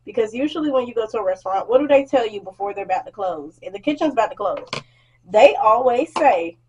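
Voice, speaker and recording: A young woman vlogger telling a blunt, animated storytime rant about work, acting out what customers said and swearing freely. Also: fairly high pitch, fast, lo-fi sound, slight background noise.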